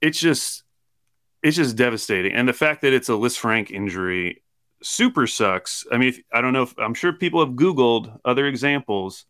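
A man's voice: mid-range voice, expressive, normal speed, a bit bright, dry recording, clean studio sound. A man co-hosting a sports podcast, chatting casually and repeating words as he starts his thoughts. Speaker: podcast co-host.

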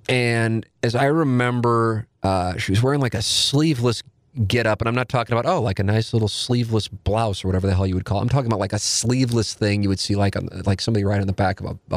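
A man's voice: fairly low pitch, creaky, darkish tone, no echo, clean studio sound. A man in his forties telling a rambling, self-deprecating story with casual profanity. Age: 40s.

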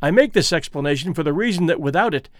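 A man with a Midwestern accent hosting a story podcast, giving a measured, explanatory introduction and reading aloud. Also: fairly high pitch, expressive, no echo, studio quality. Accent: Midwestern American. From American Midwest. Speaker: podcast host and reader.

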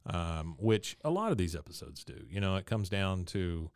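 A man's voice: deep voice, big pitch swings, moderate pace, gravelly, no room sound. A man co-hosting a podcast, chatting casually as he recaps a cartoon episode and acts out the characters' lines. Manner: acts out quoted lines with laughs. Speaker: podcast co-host.

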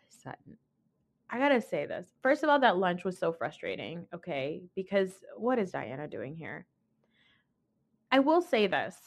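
A woman's voice: lowish voice, big pitch swings, a little slow, gravelly, long pauses. A young adult woman hosting a podcast, giving a blunt, opinionated recap in casual commentary and swearing freely. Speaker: podcast host.

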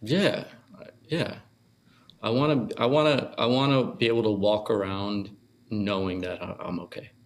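A man's voice: on the low side, steady tone, normal speed. A young man co-hosting a podcast, chatting casually in a hesitant, self-deprecating way. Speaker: podcast co-host. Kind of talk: casual chat.

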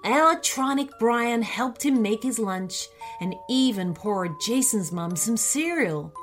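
A woman narrating a children's story in an expressive storytelling manner. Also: fairly high pitch, takes it slowly, faint music behind.

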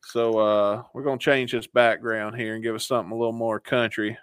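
Joking man, smooth clear voice. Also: mid-range voice, little pitch movement, fairly quick, dry recording. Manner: joking, laughing often. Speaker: podcast host. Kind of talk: casual podcast chat.

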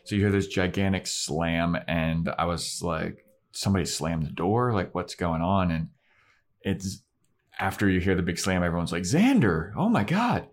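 Young male podcast co-host, low voice, casual rambling recap with cursing. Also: steady tone, moderate pace. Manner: rambling retelling with acted-out quotes and swearing. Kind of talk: casual chat recapping an episode.

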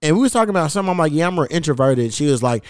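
Profane, animated young man telling stories. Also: on the high side, racing, clear, resonant tone, no echo, studio quality. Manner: profane, animated, acts out quoted lines. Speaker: podcast host. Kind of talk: casual storytelling chat.

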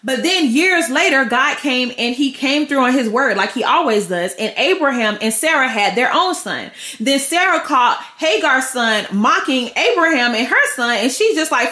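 A woman's voice: high-pitched, lively intonation, normal speed, hardly any pauses, bright, forceful tone. A woman hosting a podcast, giving a casual, slangy devotional teaching in a storytelling way. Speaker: podcast host. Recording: roomy echo.

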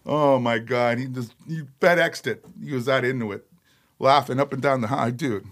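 A middle-aged man, a metal singer telling stories as a podcast guest, animated, laughing and swearing freely. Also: mid-range voice, normal speed. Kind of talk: casual storytelling chat. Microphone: podcast studio mic.

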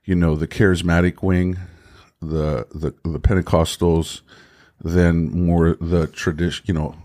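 A man co-hosting a faith podcast, talking slowly and haltingly, restarting his sentences as he works through his thoughts. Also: low-pitched, little pitch movement, darkish tone. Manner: halting, restarts often, thinking aloud. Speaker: podcast co-host. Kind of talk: casual faith discussion.

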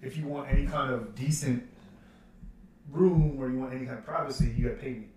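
A man's voice: mid-range voice, fairly quick, darkish tone, distant mic, a little hiss or hum. A man co-hosting a casual true-crime podcast, adding laid-back, reflective comments. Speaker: podcast co-host. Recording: roomy recording.

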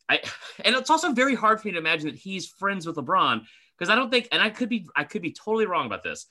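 Lively, animated young male podcast host. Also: high-pitched, quick pace. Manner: animated, swearing, laughs a lot. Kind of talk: casual chat.

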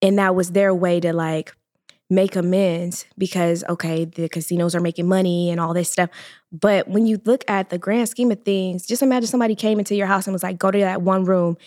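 A woman's voice: lowish voice, steady tone, a little fast, a little mellow, no echo, clean studio sound. A woman co-hosting a podcast, explaining her views in a casual, thoughtful way. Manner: explanatory, thoughtful, many fillers. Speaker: podcast co-host.

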